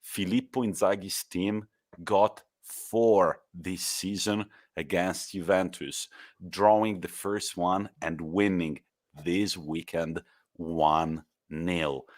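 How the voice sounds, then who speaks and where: A man co-hosting a podcast, telling football stories in a lively way with laughs and the odd swear word. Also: deep voice, takes it slowly. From Italy. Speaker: podcast co-host. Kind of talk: casual football chat.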